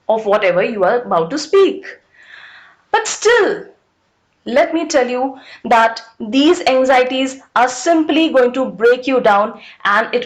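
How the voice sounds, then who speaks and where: A woman's voice: high voice, a bit bright. A woman leading an online public speaking workshop, emphatic and repetitive, asking the audience rhetorical questions over a video call.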